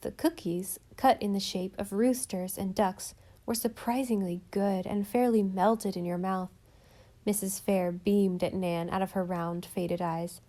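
A woman reading a storybook aloud as narrator, with a mid-range voice for a woman. Her delivery is measured and even, in the steady manner of scripted narration. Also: mid-range voice. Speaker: audiobook narrator.

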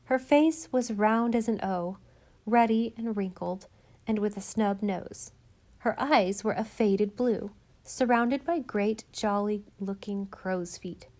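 A woman reading a storybook aloud as narrator, with a mid-range voice for a woman. Her delivery is measured and even, in the steady manner of scripted narration. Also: mid-range voice. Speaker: audiobook narrator.

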